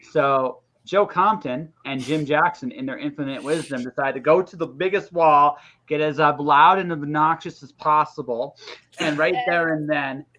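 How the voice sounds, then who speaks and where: A man, a writer guest on a live video-call chat, telling stories in an animated way and tripping over his words. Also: a little high. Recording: muffled lo-fi audio.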